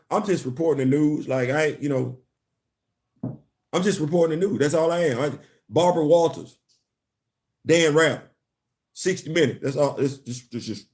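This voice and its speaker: A man with a fairly high voice hosts a casual live commentary stream about comics at a normal speed, pausing often. He's animated, repeats words, laughs, and stops to greet and chat with viewers.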